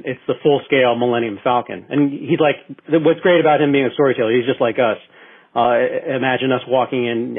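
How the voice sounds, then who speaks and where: A man co-hosting a casual internet radio talk show, telling a long story that he keeps restarting and filling with ums. His voice is husky and sits at an average pitch. The sound is thin and phone-like. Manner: rambling storyteller with many restarts and fillers. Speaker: podcast co-host. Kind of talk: casual chat.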